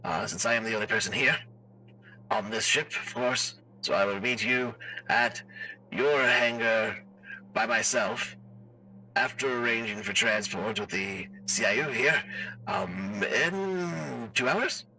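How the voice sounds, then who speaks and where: Formal, hesitant alien merchant, robotic filter, gravelly edge. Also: male voice, mid-range voice, bright, forceful tone, recorded from a distance, a little hiss or hum, low-quality recording. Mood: courteous. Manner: formal and halting, with many hesitations. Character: polite, formal male alien trader. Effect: robot voice changer.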